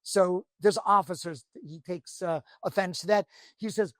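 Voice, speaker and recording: A man who is a rabbi teaching a Torah class, telling a parable in an animated, conversational way. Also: high voice, unhurried, dry recording. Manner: animated storyteller, emphatic and conversational.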